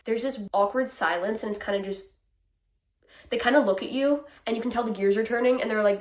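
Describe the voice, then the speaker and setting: A woman's voice: medium pitch, normal speed, distant mic. A young woman ranting candidly in a casual vlog, exasperated and swearing freely, often breaking into laughs. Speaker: vlogger. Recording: echoey room.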